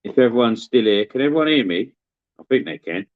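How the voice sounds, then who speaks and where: A man's voice: medium pitch, expressive, brisk, no room sound, narrow, tinny audio. A man chatting casually on a live stream, telling a joke with swearing and plenty of banter. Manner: swearing jokey storyteller.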